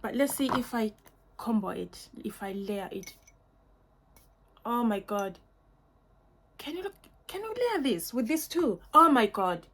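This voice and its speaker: A woman's voice: a little high, big pitch swings, measured pace, long pauses, a bit bright. A young woman in a casual perfume unboxing review at home, gushing and effusive, full of fillers and repeats. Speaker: beauty vlogger.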